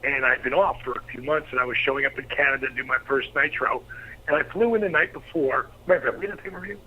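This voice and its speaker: A middle-aged man, a former pro wrestler, telling profane, animated anecdotes as an interview guest. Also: mid-range voice, fast talker, husky. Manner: profane, animated storyteller acting out quotes. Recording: slightly dull lo-fi recording.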